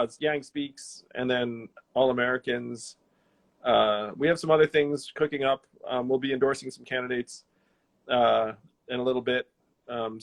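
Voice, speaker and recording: A man in his forties chats on a live video stream from his house. He rambles casually, starting sentences over and filling gaps with ums. His voice sits at an ordinary, middle pitch. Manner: relaxed, rambling, many fillers and restarts. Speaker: host of an Instagram live Q&A. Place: his home.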